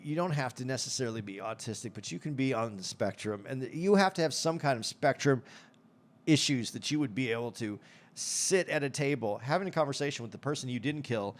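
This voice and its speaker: A man's voice: medium pitch, a little fast. A middle-aged man co-hosting a podcast, retelling movie scenes in casual chat, often repeating words as he restarts. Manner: animated storyteller, repeats words, acts out movie lines. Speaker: podcast co-host.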